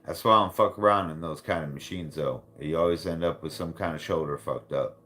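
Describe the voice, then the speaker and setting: Deep-voiced man in profane casual chat. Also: fairly quick, sharp tone. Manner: blunt and profane, laughs often. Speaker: livestream host.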